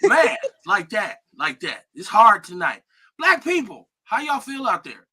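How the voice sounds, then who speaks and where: Animated, profane male talk host. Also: high-pitched, a little slow, husky. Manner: animated, profane, joking banter. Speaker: radio show host. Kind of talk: live streamed talk radio chat.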